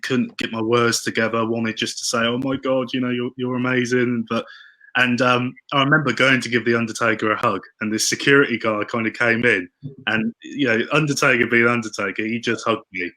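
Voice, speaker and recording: A man telling stories as a podcast guest, excitable and tripping over his words. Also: medium pitch, poor audio. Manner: excitable, tumbling restarts. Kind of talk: casual storytelling interview.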